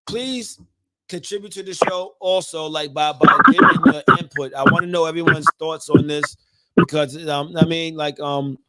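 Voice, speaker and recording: A man's voice: a little high, normal speed, heavy background noise. A man hosting a casual podcast, loose and rambling with many fillers. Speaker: podcast host.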